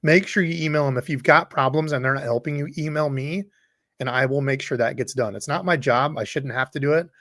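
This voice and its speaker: A man's voice: medium pitch, a little fast, a bit bright, no room sound, studio quality. A man hosting a fishing livestream, rambling casually and reading viewer comments aloud. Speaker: fishing channel host.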